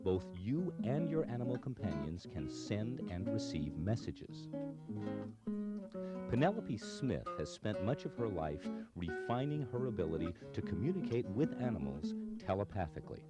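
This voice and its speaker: A man giving measured, scripted documentary narration. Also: fairly low pitch, sing-song. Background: guitar music.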